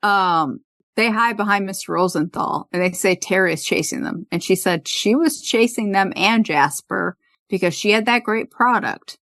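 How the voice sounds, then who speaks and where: A woman's voice: mid-range voice, moderate pace, fairly bright tone, dry recording. A woman hosting a podcast, casually retelling an episode's scenes and quoting the characters. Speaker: podcast host. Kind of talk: casual recap chat.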